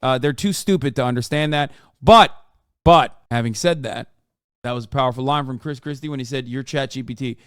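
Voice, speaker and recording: A man's voice: medium pitch, brisk, fairly bright tone, clear, resonant tone, no room sound, studio quality. A man in his thirties streaming casual, profane commentary on a political debate, sarcastic and mocking. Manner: sarcastic, swears a lot, mocks in put-on voices.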